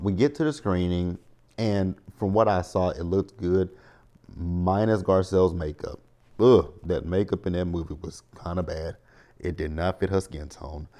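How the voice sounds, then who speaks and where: A man in his thirties with a low, dark voice recaps a reality show for his viewers. He's chatty and opinionated, speaking directly to them.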